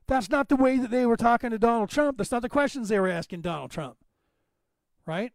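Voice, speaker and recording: A man's voice: very high voice, lively intonation, brisk, no echo. A man hosting a podcast, talking in a rambling, emphatic way and calling out listeners by name. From Northern California. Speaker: podcast host. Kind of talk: casual monologue to listeners.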